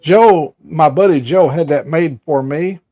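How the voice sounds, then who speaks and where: In a casual co-hosted chat, an older man with a mellow voice on the high side tells stories at a measured pace, with lots of fillers and restarts. The recording is dull and lo-fi, with no room sound.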